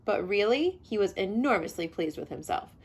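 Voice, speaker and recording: A woman reading a picture book aloud to children, expressive and adding chatty asides as she goes. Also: mid-range voice, moderate pace, husky. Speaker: read-aloud storyteller.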